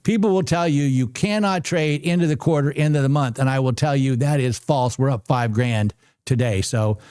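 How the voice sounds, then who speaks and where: Excitable man hosting a live stream. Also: fairly high pitch, no room sound, studio quality. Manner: excitable, talks to viewers and chat; chatty, repeats numbers aloud. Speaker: livestream trading host. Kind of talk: casual live-stream commentary.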